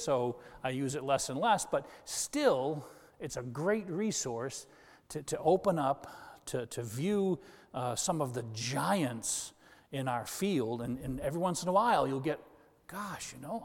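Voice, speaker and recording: A man preaching a sermon as pastor, with animated delivery, quick asides and voices for the people he quotes. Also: medium pitch, long reverb tail.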